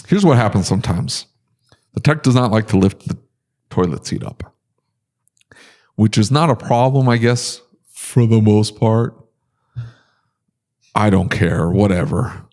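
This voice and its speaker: A man's voice: fairly low pitch, slow pace, pauses often. A man on a podcast, telling stories in casual chat with exaggerated outbursts. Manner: animated storyteller, exaggerated outbursts. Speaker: podcast guest.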